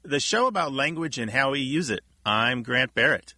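A man co-hosting a language talk radio show, with a bright, forward voice recorded very dry. His manner is easy and friendly whether he is playing along with a quiz or greeting a caller. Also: medium pitch, expressive, normal speed, dry recording.

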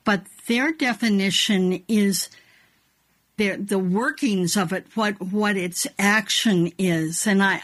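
A woman interviewing a guest on the radio, speaking in a gentle, searching way with hesitant restarts. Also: medium pitch.

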